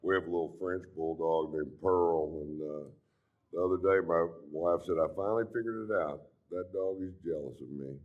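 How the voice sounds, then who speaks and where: Middle-aged man, stand-up comedian, very deep voice, deadpan drawl, crude punchlines, muffled stage sound.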